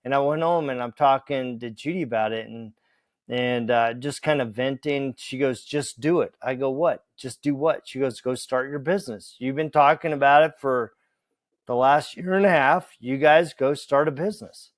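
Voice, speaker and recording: A man telling a story as a podcast guest, animated, acting out the dialogue and laughing along the way. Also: medium pitch, normal speed, dry recording, clean studio sound. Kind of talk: casual storytelling.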